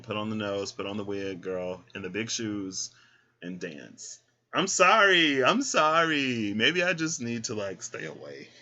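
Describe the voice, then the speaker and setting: A man's voice: lowish voice, sharp tone. A man giving a casual tarot reading, sassy and chatty, talking straight to the listener, in a dull lo-fi recording. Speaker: tarot reader. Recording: dull lo-fi sound.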